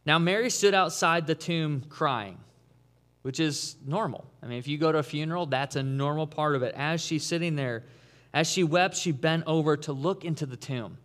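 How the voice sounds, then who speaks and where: A man preaching an Easter sermon in a conversational, animated way, acting out the people he quotes. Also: a little high, normal speed. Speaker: pastor.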